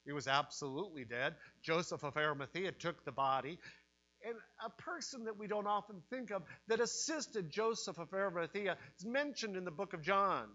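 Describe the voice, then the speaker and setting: A man preaching a sermon, dropping to a hush and rising to loud cries. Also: high voice, animated, moderate pace, lo-fi sound. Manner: dramatic swings from hushed to loud.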